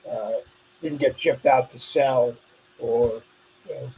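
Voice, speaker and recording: A man's voice: mid-range voice, slow, mellow, slight background noise, rough recording. A man co-hosting a casual live stream, telling stories in a chatty, loose way. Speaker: co-host.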